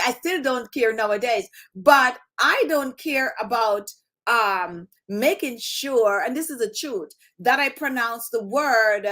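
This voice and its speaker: A woman's voice: a little high, a bit bright. A woman from Jamaica with a Jamaican accent, hosting her beauty channel in casual chat to camera, dropping her H sounds and repeating phrases for emphasis.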